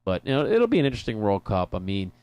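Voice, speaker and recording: A man's voice: on the low side, huge pitch swings, quick pace, a little mellow, smooth, no room sound. A man co-hosting a soccer talk show, chatting casually with frequent laughs and rambling restarts. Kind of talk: casual sports chat. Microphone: headphones in a studio.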